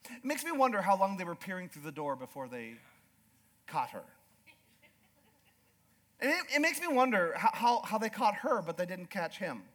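A high-pitched man preaching a church sermon. He moves between quiet, hushed storytelling and loud, fervent declarations, often stumbling over repeated words as he restarts. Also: sing-song, moderate pace, long pauses. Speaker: pastor.

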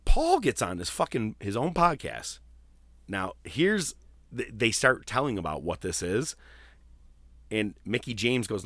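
A man with a lowish voice hosts a casual wrestling podcast. He tells his stories in a swearing, animated rush, full of asides. His voice is close and dry, with almost no room sound. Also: measured pace, no echo. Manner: profane, animated storytelling. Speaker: podcast host.

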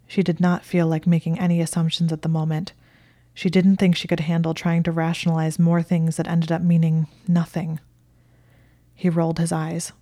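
Warm low-voiced woman reading a story. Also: completely flat delivery, normal speed, no echo, studio quality. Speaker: reader. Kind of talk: reading a fan story aloud.

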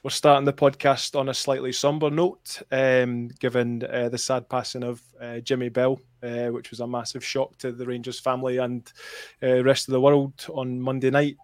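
A man hosts a podcast in an even, flat-toned voice, measured and somber, pausing often with fillers. His voice sits at a middling pitch and sounds dry and close, with little room to it. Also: dry recording. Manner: measured and somber, with many hesitations. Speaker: podcast host. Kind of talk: casual podcast chat.

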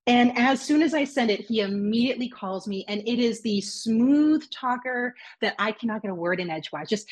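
A woman's voice: a little high, expressive. A woman guest on a podcast, earnestly recounting a personal story and acting out quoted lines. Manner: earnest, with quick acted-out quotes.

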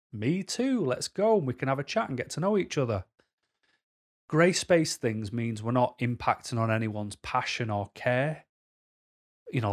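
A man giving dating advice to camera in a casual vlog, jokey and self-deprecating. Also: medium pitch.

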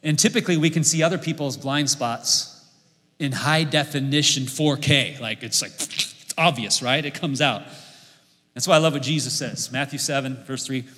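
A man in his forties preaching a sermon as pastor, lively and joking, leading the congregation in repeated lines. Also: mid-range voice, moderate pace. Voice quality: bright, lively preaching voice with humor. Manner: leads the congregation in repeating lines, jokes and laughs. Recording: echoey hall with long reverb.

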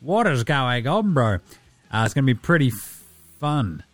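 A man's voice: mid-range voice, very animated, normal speed, dry recording, faint music behind. A man hosting a casual sports podcast, brash, profane and jokey. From Australia. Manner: brash, profane, jokey, puts on voices for quotes. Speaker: podcast host.

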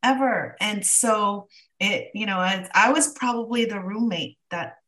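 A woman's voice: mid-range voice, unhurried, fairly bright tone. Bubbly, self-mocking woman host, slightly distant mic. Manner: bubbly, laughs often, self-deprecating. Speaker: podcast host. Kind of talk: casual chat.

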